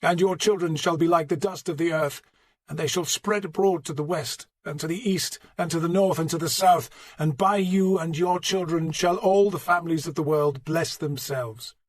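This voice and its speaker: A man voicing a stern old archbishop who preaches a funeral sermon in a hoarse, fervent, rising voice. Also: fairly high pitch, moderate pace, dry recording, voice pushed up, close to an everyday voice.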